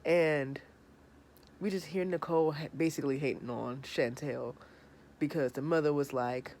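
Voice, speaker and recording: A woman in her thirties giving a sassy, animated review of a reality TV episode, sounding tired. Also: low voice, normal speed, a little hiss or hum. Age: 30s. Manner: sassy, animated, acts out the people she discusses. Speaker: reality TV recapper.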